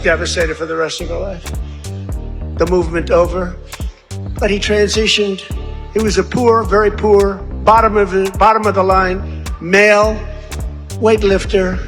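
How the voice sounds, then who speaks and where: Man at a rally podium, digressive and repetitive, high bright tone, long echo of an amplified venue. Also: fairly even intonation, normal speed, faint music behind. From United States. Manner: repetitive, digressive, acts out quoted voices. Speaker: political rally speaker. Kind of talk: rambling rally speech. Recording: echoey amplified rally hall.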